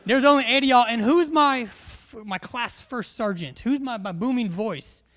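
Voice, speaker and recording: A man's voice: extremely high pitch, moderate pace, fairly bright tone. A man, a military instructor giving a live classroom briefing in a large hall, joking and quizzing his audience.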